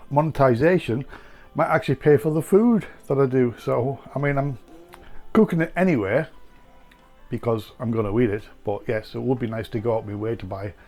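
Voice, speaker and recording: A man talks through a casual food taste-test vlog in an ordinary mid-pitched voice. His delivery is chatty and rambling, full of ums and uhs. Faint music plays quietly behind him. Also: normal speed. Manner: chatty and rambling, with many fillers. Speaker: food vlogger.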